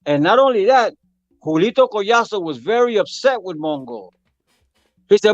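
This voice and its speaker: A man's voice: sits high, normal speed, dry recording, dull audio, soft background music. A man being interviewed as a guest musician, telling a story in a casual way and acting out the voices of the people in it. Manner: animated, acts out quotes of others.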